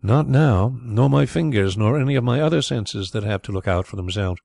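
Carrados, a man voicing a suave blind gentleman. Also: medium pitch, moderate pace. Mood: calm. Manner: calm, thoughtful, smoothly assured. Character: suave genial blind gentleman detective, man, middle-aged.

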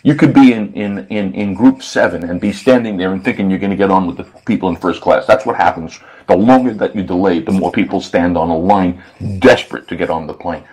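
Male radio host, lowish voice, rambling casual storyteller, amused chuckles. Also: brisk, few pauses, darkish tone, low-quality recording.

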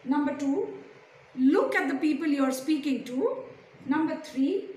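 A woman teacher giving a slow, deliberate lesson to young pupils, asking them many questions. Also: high-pitched, expressive, a little mellow. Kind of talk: recorded classroom lesson. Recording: echoey room, distant mic, faint hiss.

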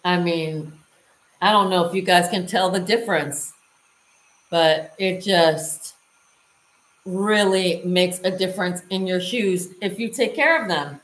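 A woman with a lowish voice talks her viewers through a hands-on demonstration at an unhurried pace, checking in with them as she goes. The sound bounces around a roomy, echoey space. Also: steady tone, a bit bright. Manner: chatty, talks to viewers while working. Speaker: lifestyle vlogger. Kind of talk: casual how-to demonstration. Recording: roomy echo.

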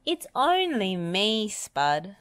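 A woman voicing a capable, kind female builder who talks briskly and reassuringly. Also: mid-range voice, very animated, fairly bright tone, dry recording, voice pushed up, heavily acted.

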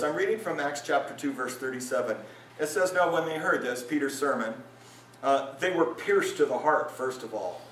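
Animated high-voiced man preaching in a hall. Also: a little hiss or hum. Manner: animated, voice rises high when acting out listeners. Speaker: pastor. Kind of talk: sermon. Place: conference hall at a retreat. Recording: roomy hall sound, mic from a distance.

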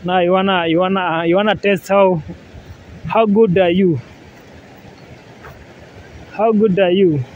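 A man casually narrating a travel vlog outdoors by a river. He talks in a relaxed way, repeats himself, and often says "yeah, man.". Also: high-pitched, measured pace, pauses often, narrow, tinny audio. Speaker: vlogger. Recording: faint outdoor noise.

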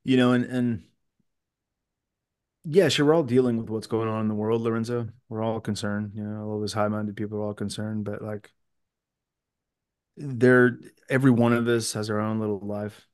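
A man's voice: fairly low pitch, fairly even intonation, normal speed, long pauses, a little mellow, clear, resonant tone. Reflective man chatting as a coach. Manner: reflective, laughs easily, many restarts. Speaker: self-mastery coach, guest. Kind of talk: casual podcast conversation.

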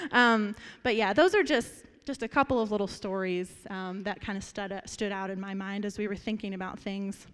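A young woman giving a memorial speech, telling lively anecdotes with frequent laughter before turning earnest. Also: medium pitch, moderate pace, clear, resonant tone. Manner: lively storyteller, laughs often, turns earnest. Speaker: family member giving a eulogy. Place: memorial gathering hall. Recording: reverberant hall.

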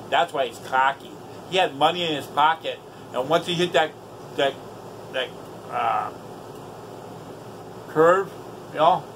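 High-voiced, foul-mouthed ranting man. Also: a bit bright, a little hiss or hum, poor audio. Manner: heavily profane, exasperated. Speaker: vlogger. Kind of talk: casual storytelling rant.

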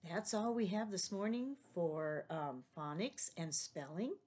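Slow, patient woman teaching a lesson. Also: fairly low pitch, expressive, a little mellow. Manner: patient, encouraging, explains step by step. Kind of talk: recorded remote class lesson.

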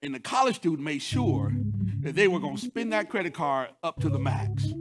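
A male pastor preaching a sermon, repeating phrases, breaking into sung lines and shouts, talking straight to the congregation. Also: on the high side. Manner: repeats words, call-and-response asides.

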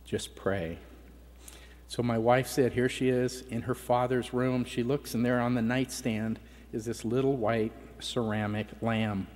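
A man's voice: medium pitch, level tone, normal speed, darkish tone. Middle-aged man telling a story in a reverberant hall. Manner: conversational, acts out family dialogue. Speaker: conference speaker. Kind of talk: personal testimony storytelling. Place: conference hall. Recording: reverberant hall with faint background noise.

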